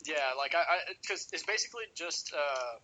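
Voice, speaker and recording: Rambling Texan-born man, bright voice. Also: on the high side, lively intonation, normal speed, rough recording. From Texas, USA. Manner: rambling, lots of fillers and restarts. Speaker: podcast co-host. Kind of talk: casual chat.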